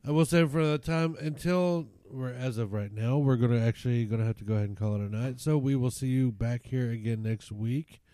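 A man's voice: mid-range voice, steady tone, fairly quick, hardly any pauses, mellow. A man hosting a podcast, cracking dry jokes and signing off the episode. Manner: dry wisecracks, sign-off announcer tone. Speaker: podcast host. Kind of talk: casual chat.

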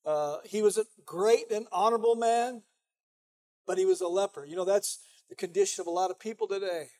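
A man's voice: high-pitched, a little fast, mellow. A man preaching a sermon as pastor, conversational and emphatic, often saying "you know".

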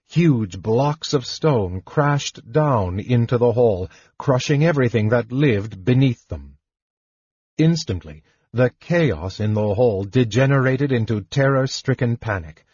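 Reading a fantasy novel aloud, a man delivers the text slowly and dramatically, with lively intonation. His husky, mid-pitched voice has a darkish tone, and the home-audiobook recording is dry and a little dull, with no room sound.

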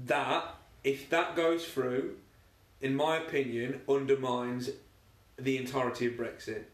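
Young English podcast co-host, mid-pitched, blunt and sweary storyteller, recorded in a roomy space. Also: male voice, fairly even intonation, measured pace. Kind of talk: casual chat. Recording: echoey room.

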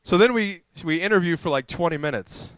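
Smooth-voiced pastor telling a story. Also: male voice, sits high, fairly quick, no echo. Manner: animated storyteller, quoting others and himself, self-deprecating. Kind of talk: sermon storytelling.

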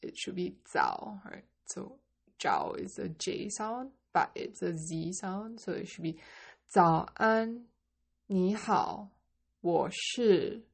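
A woman teaching a Mandarin lesson, slowly modeling greetings and phrases for learners to repeat. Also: on the low side, sing-song, creaky, breathy edge. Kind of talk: language lesson.

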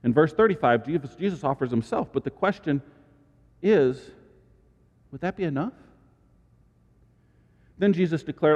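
A man preaching a sermon as pastor, animated, with dramatic asides and sudden high exclamations. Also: normal speed, long pauses, slightly rough, in a large hall, dull audio.

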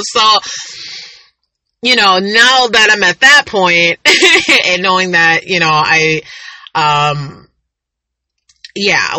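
A woman's voice: fairly low pitch, pushed and bright, dry recording, low-quality recording. A woman in her thirties, hosting a casual podcast monologue and telling rambling, chatty stories with frequent laughs. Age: 30s. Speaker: podcast host.

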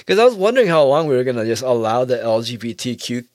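A man's voice: mid-range voice, sing-song, fast talker, a little mellow, no echo, clean studio sound. Sarcastic, swearing man ranting. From United States. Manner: sarcastic, profane, laughing often. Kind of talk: comedic rant.

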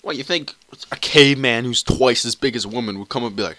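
Bright-voiced young man ranting. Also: mid-range voice, fast talker, no room sound. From Canada. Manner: rambling, crude and profane, many restarts. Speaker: podcast host. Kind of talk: casual solo podcast monologue. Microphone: cheap computer mic.

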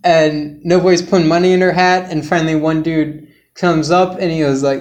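A man's voice: a little high, steady tone, moderate pace, darkish tone. Giggly man rambling through a story. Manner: rambling storyteller, laughs through his own jokes. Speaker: podcast co-host. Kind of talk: casual chat, retelling a comedy plot.

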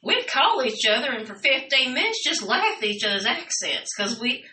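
A woman's voice: sits high, very animated, normal speed, sharp tone. An older woman with a Southern accent telling chatty family stories and laughing along. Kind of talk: casual storytelling. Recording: roomy, from a distance.

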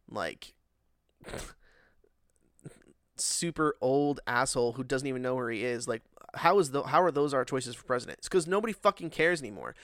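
A man's voice: mid-range voice, fairly bright tone, no room sound, studio quality. A man ranting in a casual monologue, profane and rambling, with lots of fillers and an exasperated tone. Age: adult, working.

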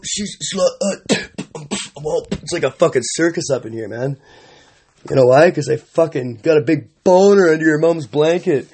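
A man's voice: a little high, brisk, darkish tone, a little hiss or hum. A man hosting a solo comedy podcast, rambling crudely and profanely in a mock-boastful way. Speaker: podcast host.

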